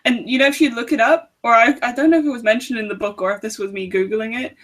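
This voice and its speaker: A woman's voice: on the high side, steady tone, fast. A young woman from South Africa co-hosting a casual book club chat, giggling often as she talks. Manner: giggly, chatty, laughs often.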